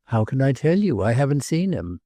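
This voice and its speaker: A man's voice: medium pitch, sing-song, a little fast, warm tone, no room sound, pitched above the performer's own voice. A man voicing an elderly woman, tired and blunt, in an audiobook reading. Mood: weary. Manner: dry, tired, refusing.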